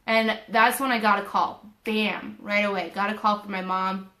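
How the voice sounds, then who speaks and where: Animated young woman telling a story, roomy. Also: mid-range voice, moderate pace. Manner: animated, emotional retelling with quoted inner voices. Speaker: spiritual video host. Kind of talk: casual personal storytelling. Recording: roomy echo.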